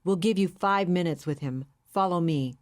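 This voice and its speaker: A woman's voice: lowish voice, moderate pace, no room sound, clean studio sound, close to an everyday voice. A woman voicing a terse, guarded male security agent who gives curt instructions.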